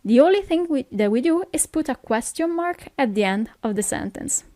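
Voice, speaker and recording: A woman's voice: high voice, lively intonation, moderate pace, dark tone, no echo. A woman from Italy with an Italian accent, teaching a language lesson, who explains things patiently and keeps checking in with "okay?".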